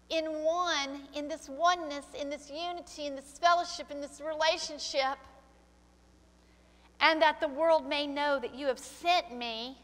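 A woman's voice: sits high, a bit bright, big-room sound. An older woman pastor preaching a sermon, emotional and tearful, slipping into prayer. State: crying. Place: church sanctuary.

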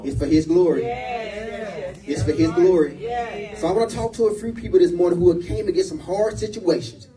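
A man, a senior pastor, preaching a sermon in a church, repeating phrases and building up to shouts. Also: high voice, fast, few pauses, recorded from a distance, a crowd in the background, poor audio.

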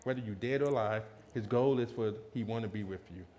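A man preaching a lively sermon, telling a personal story and acting out quotes with laughter. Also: lowish voice, fast. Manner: animated, laughing, acts out quotes in a raised voice.

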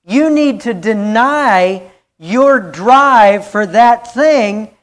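A woman's voice: on the high side, lively intonation, very slow. A woman pastor preaching a sermon, telling a story and repeating key phrases for emphasis.

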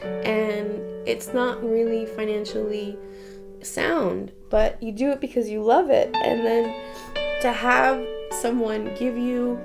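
A woman painter speaking candidly in a documentary interview, emotional and quick to laugh, swearing casually. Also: fairly high pitch, level tone, vocal fry, over music. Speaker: painter interviewed about her life.

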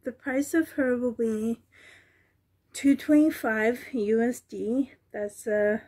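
A woman at home on the floor, showing a doll she is selling, talking softly with many ums and a little out of breath. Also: on the high side, slow pace. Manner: soft, cooing over the doll, with many ums. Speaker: reborn doll seller. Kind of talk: casual show-and-tell vlog.

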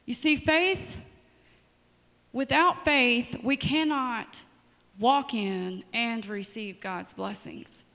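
A woman's voice: on the high side, very slow, vocal fry, in a large hall. A woman preaching a sermon in a church, telling stories with dramatic asides. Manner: storytelling, lively and dramatic asides. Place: church sanctuary.

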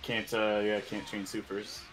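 A man's voice: fairly low pitch, little pitch movement, a little slow, fairly bright tone, poor audio. A laid-back man giving casual commentary on a fighting game, teasing the player in slang.

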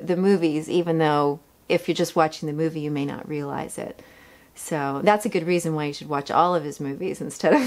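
Middle-aged actress, slightly low voice, lively anecdotal interview delivery with laughter. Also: female voice. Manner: animated, laughs often, acts out quotes. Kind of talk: casual storytelling interview.

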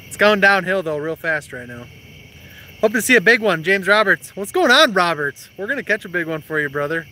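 A man's voice: sits high, sing-song, fairly quick, pushed and bright, a little hiss or hum. A young man hosting a fishing live stream outdoors at night, teasing his partner and reading viewer comments aloud. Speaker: fishing show host. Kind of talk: casual live-stream chat. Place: creek bank outdoors at night.

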